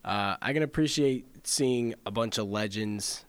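Smooth-voiced young man, dry close sound. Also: fairly low pitch, measured pace, no echo. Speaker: podcast co-host. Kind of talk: casual chat.

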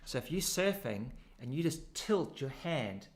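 A man with a South African accent talks through surf technique in a casual, animated way. He demonstrates as he explains, and his voice sits at an ordinary middle pitch. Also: unhurried. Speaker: surf coach. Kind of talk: casual instructional chat.

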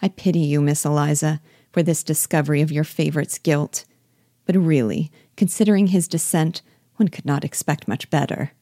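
A woman's voice: low voice, normal speed, dark tone, no echo, clean studio sound. A woman reading a disdainful society lady with a civil, sneering manner.

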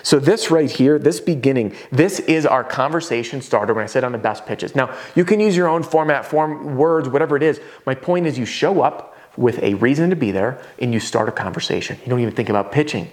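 An energetic man in his thirties talks through a sales lesson at a whiteboard. His voice sits in an ordinary middle range. He now and then slips into quick impressions of homeowners. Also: mid-range voice. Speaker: roofing sales trainer.

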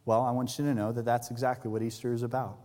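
A man's voice: medium pitch, little pitch movement, quick pace. Man preaching in a reverberant church. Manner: earnest preaching, builds to loud emphatic peaks, drops soft for tender lines. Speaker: pastor. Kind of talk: Easter sermon. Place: large church hall. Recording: live church hall with long reverb and soft music.

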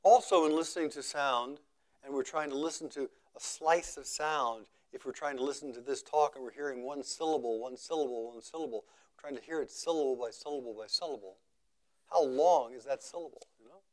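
A male meditation teacher speaking in a contemplative, unhurried way. He repeats phrases for emphasis, and his voice often sinks to near quiet at the end of a thought. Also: mid-range voice. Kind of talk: contemplative dharma talk.

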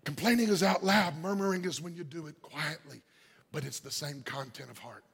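High-voiced man preaching in a long-echo hall. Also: normal speed, creaky, breathy edge. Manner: dynamic, swings from loud shouting to quiet murmurs. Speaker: pastor. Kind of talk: sermon.

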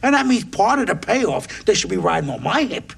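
Crime film: an aggrieved gangster boss, raspy and gravelly, pitch swinging all over. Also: male voice, big pitch swings, fairly quick, fairly bright tone, full character voice. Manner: complaining, insistent. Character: aggrieved middle-aged male gangster boss.

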